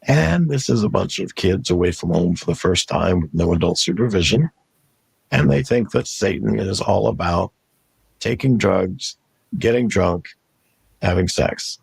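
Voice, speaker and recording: A man's voice: low-pitched, expressive, unhurried, gravelly, breathy edge, no echo. A man telling his past story in an interview, blunt and matter-of-fact.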